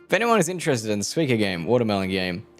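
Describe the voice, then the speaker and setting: A man's voice: lowish voice, sing-song, rapid-fire. A man in his twenties chats loosely with viewers on a live stream. He rambles, jokes and swears as he goes, with faint music playing behind him. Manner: rambling, joking, swears freely, talks to chat. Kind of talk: casual stream chat with viewers.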